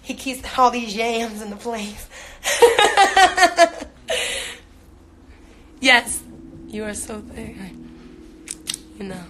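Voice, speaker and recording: A woman's voice: fairly high pitch, fairly even intonation, slow pace, long pauses, sharp tone, a little hiss or hum. Chatty woman livestreaming on a phone. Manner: chatty, laughs often, reads out comments. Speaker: social media personality. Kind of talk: casual livestream chat with viewers.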